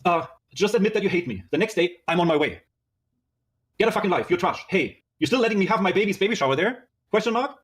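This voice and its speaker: Fast-talking man reading out texts. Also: high-pitched, animated. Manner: rapid reading aloud, swearing, narrating "she says, I said". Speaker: guest reading out his text messages. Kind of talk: fast recounting of a dispute.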